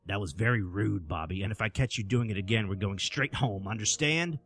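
A man's voice: on the low side, brisk, fairly bright tone. A man voicing a good-humored father who takes his son trick-or-treating. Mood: stern. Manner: teasing, then stern.

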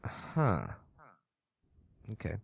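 A man's voice: very slow, no room sound. A man co-hosting a podcast, teasing his co-host in profane casual chat and laughing often.

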